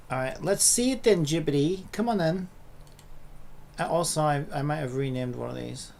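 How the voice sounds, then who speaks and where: Gravelly, exasperated man ranting while coding. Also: a little high. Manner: exasperated, swearing, ranting at the screen. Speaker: hobby programmer. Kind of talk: casual coding vlog.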